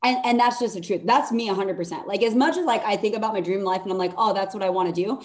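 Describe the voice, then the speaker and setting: Blunt, energetic woman podcast guest. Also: medium pitch, fast. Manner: energetic, blunt, swears for emphasis. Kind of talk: casual motivational chat.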